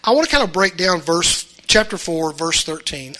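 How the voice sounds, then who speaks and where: A man's voice: a little high, normal speed, few pauses, sharp tone. A man preaching a sermon in an earnest, folksy way, often restarting his words.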